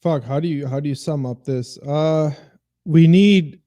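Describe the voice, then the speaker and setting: Emphatic male guest with mellow voice. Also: a little high, measured pace. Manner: emphatic, repeats points for force, preachy. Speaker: teacher guest. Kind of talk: casual podcast chat.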